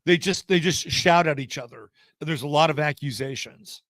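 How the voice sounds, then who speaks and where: A man's voice: a little high, normal speed, a bit bright, dry recording, clean studio sound. Rambling man giving astrology takes. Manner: rambling, hesitant with many fillers and restarts, blunt. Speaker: astrology commentator on a talk show. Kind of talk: casual sports talk debate.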